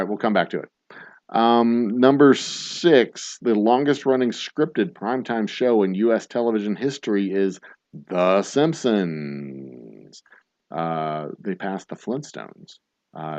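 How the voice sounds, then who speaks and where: Deep-voiced man hosting bar trivia. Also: a little mellow, no echo, dull audio. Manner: casual, joking, swears offhand, repeats questions slowly. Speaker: trivia host.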